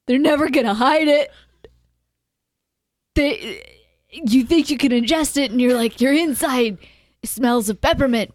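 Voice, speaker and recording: A female podcast co-host riffs absurdly with a deadpan delivery. She speaks slowly in a slightly high voice. The recording is dry and close. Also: no echo. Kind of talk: casual comedy podcast chat.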